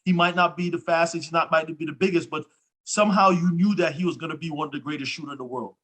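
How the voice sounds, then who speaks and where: A man co-hosts a casual interview. His voice sits slightly high. He reflects at length, speaking from experience in a relaxed, conversational manner. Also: fast talker. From Jamaica. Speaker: co-host.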